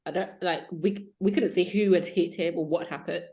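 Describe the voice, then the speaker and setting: A woman co-hosting a podcast in casual chat. She tells stories in an emphatic, animated way. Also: fairly low pitch, normal speed. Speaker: podcast co-host.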